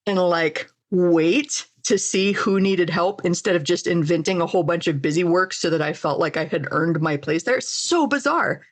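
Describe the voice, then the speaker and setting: A woman's voice: on the low side, moderate pace, hardly any pauses. A woman hosting an interview podcast, talking in a candid, conversational way. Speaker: podcast host. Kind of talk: casual interview chat.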